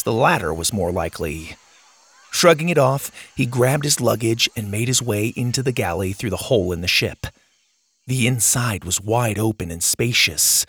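A man narrating a children's adventure audiobook, reading with expressive character voices. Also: mid-range voice, husky, no echo, studio quality.

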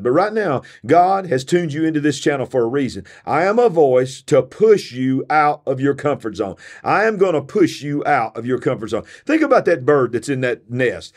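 Man, preacher host, tired, emphatic, repetitive, sermon-like. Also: medium pitch. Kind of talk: fiery sermon-style podcast.

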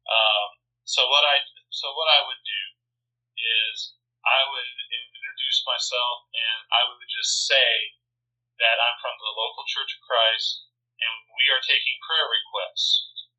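Man, church minister, earnest, explanatory, lots of fillers, bright tone, tinny phone recording. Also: medium pitch, steady tone, takes it slowly. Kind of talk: casual interview talk. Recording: lo-fi phone line.

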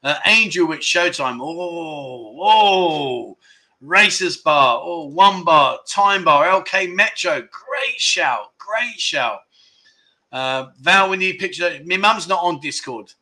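A man hosting a livestream, reading viewer comments aloud and reacting with loud, jokey exclamations. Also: high voice, slow pace. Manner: excitable, jokey, exclaiming loudly. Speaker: livestream host.

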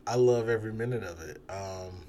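A man in casual conversation reviewing a movie, animated and quick to laugh. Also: a little hiss or hum. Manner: animated, laughing, acts out quotes in high voices.

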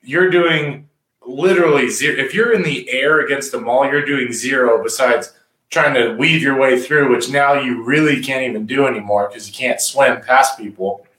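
Animated man with roomy echo. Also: medium pitch. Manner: animated, acts out players' talk in quick voices. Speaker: rugby analyst, former captain. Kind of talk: casual sports podcast analysis.

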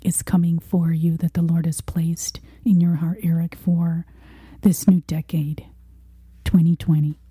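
A woman interviewing a guest about faith, speaking in a soft, breathy, half-whispered way. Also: lowish voice, little pitch movement, a little slow, no echo.

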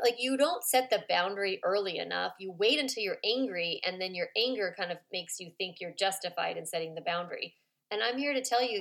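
A woman hosting a parenting podcast as a coach, talking informally with lots of "like" and "right?", softening her voice to model calm replies to children. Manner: chatty and informal, full of "like" and "right?"; acts out children's complaints in a high voice. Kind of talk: conversational podcast monologue.

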